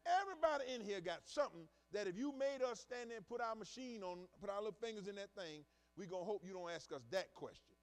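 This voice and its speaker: Southern american preacher guy, high voice, talks to the church like chatting, cracks jokes. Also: quick pace, few pauses, low-quality recording. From Southern United States. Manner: animated, conversational preaching with humor. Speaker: pastor. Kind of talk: sermon. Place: church room.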